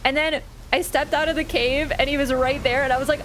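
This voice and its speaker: A young woman game streamer chatting casually with her viewers, telling stories in an animated, excitable way and swearing freely. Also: fairly quick, noisy background. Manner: animated, excitable storytelling with sudden high squeals. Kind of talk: casual livestream chat. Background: background game music.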